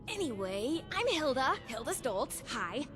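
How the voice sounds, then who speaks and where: Bouncy, sarcastic female ghoul scientist in a game, higher voice, lively sing-song delivery. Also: measured pace, music in the background. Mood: perky.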